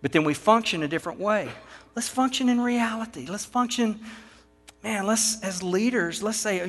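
A man's voice: high voice, moderate pace, fairly bright tone, soft background music. A man with a Texan accent preaching a sermon to church leaders, driving his points home with rhetorical questions. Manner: emphatic, rhetorical questions to the audience. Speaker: pastor. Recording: long hall reverb.

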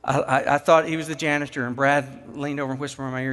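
This Texan-accented pastor talks fast, with a mid-range, somewhat bright voice and a flat delivery. He preaches emphatically to church leaders, driving points home with rhetorical questions to his listeners. The recording has long hall reverb.

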